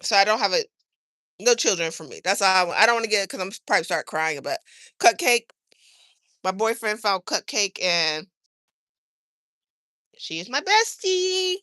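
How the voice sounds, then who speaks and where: A woman's voice: mid-range voice, a little fast, bright, forceful tone, no room sound, clean studio sound. A woman chatting casually on a livestream, rambling and earnest as she talks to viewers from her garden outdoors. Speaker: livestream host.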